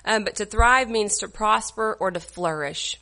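A woman, leading a church devotional, tearful and halting, with many fillers. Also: mid-range voice, vocal fry, sharp tone. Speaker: women's church group leader.

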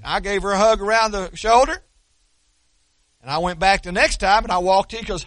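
A man's voice: sits high, expressive, fast talker, fairly bright tone, no echo. A man preaching a sermon, telling folksy stories with dry, self-deprecating humor and frequent restarts. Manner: repeats and restarts words. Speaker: pastor.

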